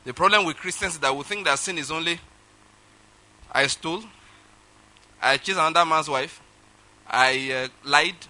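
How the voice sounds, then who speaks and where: A man's voice: on the high side, normal speed, long pauses, bright, forceful tone, low-quality recording. A man preaching a sermon, telling a personal story and acting out phone calls with laughter. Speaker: pastor.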